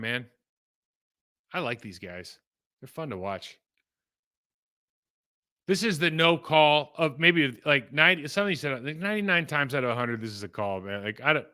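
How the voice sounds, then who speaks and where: Breaking down football game film in a casual way, this middle-aged man sounds a little high. He rambles with real animation and keeps wandering off on side comments.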